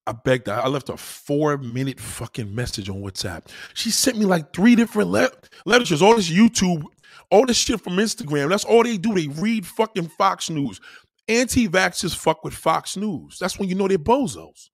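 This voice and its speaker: A husky man ranting heatedly. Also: high voice, sing-song, normal speed, no echo, clean studio sound. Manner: heated, profane, repetitive ranting. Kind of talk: profane ranting monologue.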